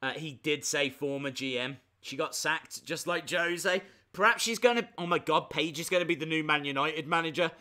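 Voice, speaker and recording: A man giving casual live reactions as a streamer, chatty with excitable, jokey asides. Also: on the high side, moderate pace, hardly any pauses.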